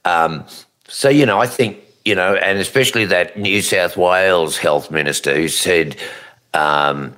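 A man with an Australian accent and a very low voice. He jokes loosely and crudely in casual radio chat. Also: a little slow, bright, forceful tone.

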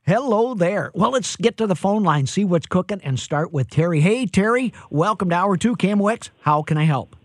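Energetic radio host man, dry studio sound. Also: high-pitched, normal speed, few pauses, no room sound. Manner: energetic, jokey, chatty with fillers. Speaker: radio home improvement show host. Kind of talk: live radio call-in advice. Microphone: studio microphone.

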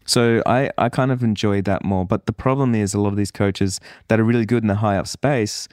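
A man hosting a solo podcast, talking candidly and rambling a little as he reflects out loud. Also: lowish voice, steady tone, brisk, no echo, clean studio sound. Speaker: podcast host. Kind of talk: casual solo podcast monologue.

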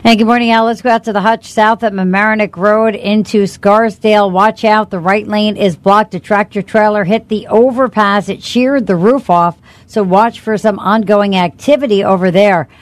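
A woman's voice: medium pitch, steady tone, normal speed, no room sound. Matter-of-fact female traffic reporter.

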